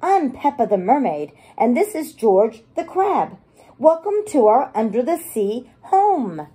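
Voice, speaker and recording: A woman voicing Peppa Pig, a cheerful little girl pig, in a high, excited, squealing voice while reading a storybook aloud. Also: unhurried, breathy edge, heavily acted. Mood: delighted.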